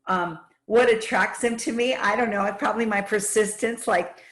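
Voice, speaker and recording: A woman's voice: mid-range voice, moderate pace, a bit bright. A woman guest on a podcast, telling her stories with enthusiasm in a casual, run-on way. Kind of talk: casual interview storytelling.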